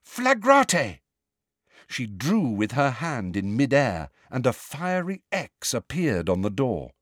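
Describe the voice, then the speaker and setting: A man narrating an audiobook with an expressive, steady reading. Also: medium pitch, measured pace, dry recording, clean studio sound.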